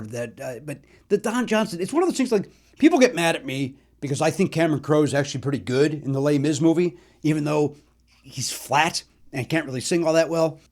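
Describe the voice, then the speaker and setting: A middle-aged man from Chicago hosts a comedy podcast, talking through old songs with quick, self-deprecating jokes. His voice sits a little high for a man. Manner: chatty, self-deprecating, sings snatches of songs. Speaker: podcast host. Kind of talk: casual comedic storytelling about records.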